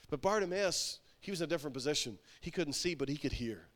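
A male pastor preaching a sermon, emphatic and repetitive, building to loud exhortation. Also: fairly high pitch, lively intonation, quick pace, hardly any pauses.

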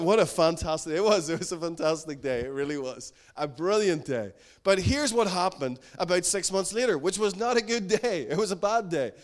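Man preaching, earnest and emphatic, slightly raised voice, repeats for weight. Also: fairly high pitch. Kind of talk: sermon.

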